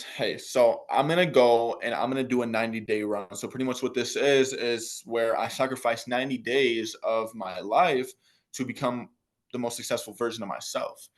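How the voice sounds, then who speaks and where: A young man giving a casual, motivational coaching talk on a business call, full of fillers and repetition. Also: mid-range voice.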